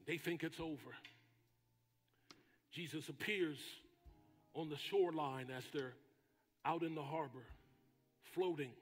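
Husky preaching man, high-pitched voice. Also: big-room sound, faint music behind. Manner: preaching with dramatic pauses and shouted quotes. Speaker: pastor. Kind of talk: sermon. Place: church sanctuary.

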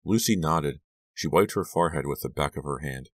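Man, audiobook narrator, very low voice, dry close sound, hushed storytelling. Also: no echo. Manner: measured, hushed storytelling, lifting for dialogue. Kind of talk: scripted narration.

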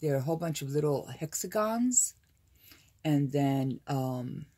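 A woman's voice: very deep voice, mellow, breathy edge. An older American woman hosting a casual crafting unboxing, gushing and gasping with delight over papers. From United States. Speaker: crafting channel host.

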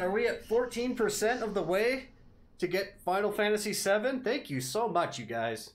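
A man streaming a video game live, excitably yelling at enemies and thanking his viewers. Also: high voice, moderate pace. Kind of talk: live gameplay stream commentary.

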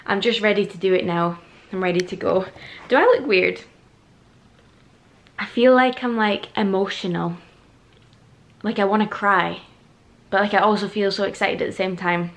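A young woman, chatting excitedly to a handheld camera in a casual vlog and laughing often. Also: medium pitch, moderate pace, long pauses. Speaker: vlogger.

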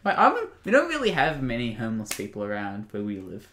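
A teenage boy co-hosting a casual podcast chat, animated and quick to joke. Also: fairly low pitch. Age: teens. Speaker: podcast co-host. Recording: echoey room with audible noise.

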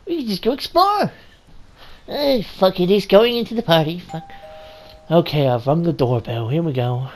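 A woman's voice: fairly low pitch, animated, normal speed, long pauses, a little hiss or hum. A woman giving sweary, rowdy commentary while playing a video game. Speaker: gaming let's-player. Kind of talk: casual gameplay commentary.

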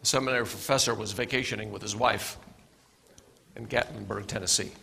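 A middle-aged male pastor preaching a sermon with storytelling, earnest, often repeating his words and dropping to soft asides. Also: on the low side, fairly even intonation, a little fast, vocal fry, a little hiss or hum.

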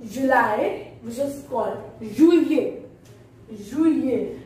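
A woman teaching French in a casual spoken lesson, slowly saying each word and repeating it for pronunciation. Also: a little high, expressive, darkish tone. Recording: roomy echo from far off, faint noise.

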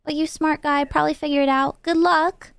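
A woman's voice: high voice, little pitch movement, a little fast, gravelly, dry recording. A woman reading the lines of a friendly male smuggler from a video game, in choppy broken English.

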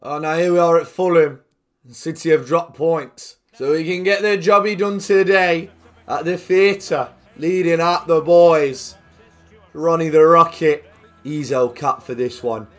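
Young man, fairly high-pitched, jokey football game commentary with loud bursts. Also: a little slow, soft background music. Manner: jokey, swings between quiet play-by-play and loud excited outbursts. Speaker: gaming commentator.

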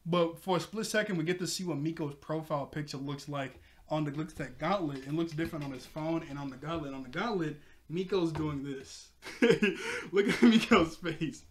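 A man with a slightly higher voice recaps a cartoon episode in loose, casual chat. He is excitable and chatty, piles on filler words and breaks into laughs often. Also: a little fast, hardly any pauses, slight background noise.

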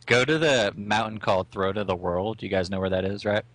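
A man with a low but bright voice talks enthusiastically about a game on a podcast. The sound is close and dry, with no room around him. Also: a little fast, no room sound. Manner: enthusiastic, laughs through his stories. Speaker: podcast co-host. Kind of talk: casual gaming chat.

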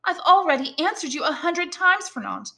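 A woman's voice: extremely high pitch, big pitch swings, moderate pace, vocal fry, pushed and bright, pitched above the performer's own voice, exaggerated voice. A woman reading aloud, voicing a poor young orphan girl who speaks firmly and frankly in a raised, insistent voice. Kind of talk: audiobook reading.

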